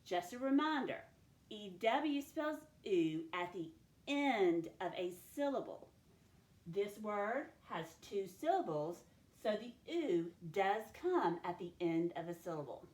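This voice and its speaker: A woman teacher giving a recorded classroom lesson, speaking slowly and clearly as she models each word sound. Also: medium pitch, very animated, darkish tone, echoey room. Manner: slow, clear phonics modelling, stretching out sounds.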